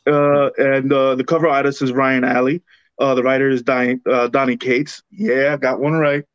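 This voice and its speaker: A man's voice: medium pitch, little pitch movement, normal speed, no echo, lo-fi sound. A man co-hosting a casual podcast, presenting comic books in a laid-back way and stumbling over names.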